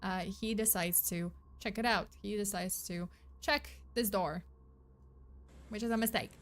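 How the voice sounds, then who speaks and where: A woman hosting a stream talks in a loose, rambling way. She keeps correcting herself and filling pauses while she comments on clips, at an ordinary middle pitch. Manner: rambling, lots of fillers and self-corrections. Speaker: streamer host. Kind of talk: casual commentary on videos.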